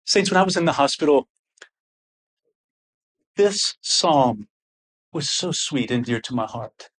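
A man preaching a sermon with fervent, excited intensity that sounds almost angry. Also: fairly high pitch, slow, husky. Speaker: pastor.

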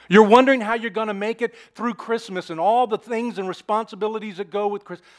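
A man with a high voice preaches a sermon. His delivery is earnest and emphatic, and he often repeats key phrases before dropping to a hushed tone. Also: normal speed, few pauses. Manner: repeats phrases and restarts mid-sentence. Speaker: pastor.

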